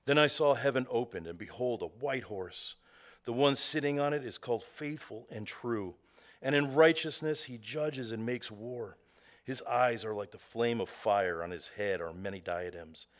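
A man reading a scripture passage aloud in a measured, solemn way, slowing down on key phrases. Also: mid-range voice. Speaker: scripture reader.

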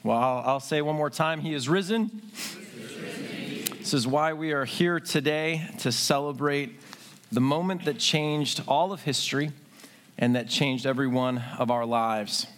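A man preaching as pastor at a church service, earnest and measured, with occasional hesitant fillers. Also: a little high, a bit bright, a little hiss or hum. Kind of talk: sermon.

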